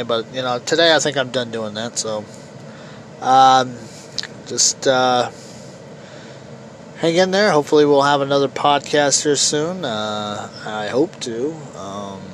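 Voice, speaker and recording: A man's voice: medium pitch, fairly bright tone, a little hiss or hum, rough recording. A man ranting through a solo podcast monologue, repetitive and swearing freely, his voice slightly worn. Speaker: podcast host.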